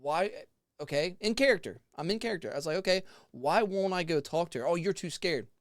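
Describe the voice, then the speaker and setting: A man's voice: sits high, a little fast, dry recording, studio quality. A man in his forties, a haunted house actor, telling a story in a casual chat with laughs, acting out other people's voices. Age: 40s. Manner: animated, laughing, acts out voices.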